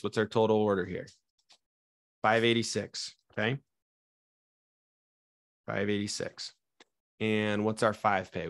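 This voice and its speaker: A young man leads a sales training session in a lively, up-and-down voice, talking straight to his team. His voice sits fairly low. The sound is dry and close, with almost no room in it. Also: no room sound. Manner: energetic, up-and-down delivery, talks straight to his trainees.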